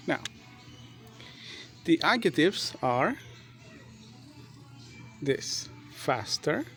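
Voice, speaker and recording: A man teaching a grammar lesson, repeating and spelling out words slowly and deliberately. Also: on the high side, sing-song, a bit bright, soft background music. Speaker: English teacher.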